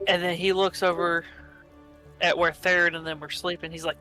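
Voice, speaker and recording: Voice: medium pitch, level tone, moderate pace, pushed and bright, faint music behind, poor audio. Casual tabletop game player. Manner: casual, searching for words. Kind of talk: describing a character's actions in a tabletop game.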